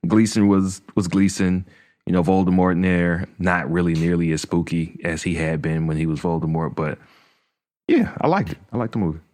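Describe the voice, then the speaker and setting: A man's voice: low voice, moderate pace, a little mellow. A man co-hosting a film podcast, chatting enthusiastically and rambling about a movie he liked. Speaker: podcast co-host. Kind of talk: casual film discussion.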